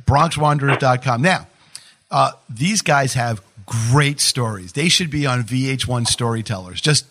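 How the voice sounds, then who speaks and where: A man's voice: medium pitch, a little slow, fairly bright tone. A man hosting a radio interview, talking in a loose, chatty way as he sets up his guests. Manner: chatty, loose, with fillers and restarts. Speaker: radio host.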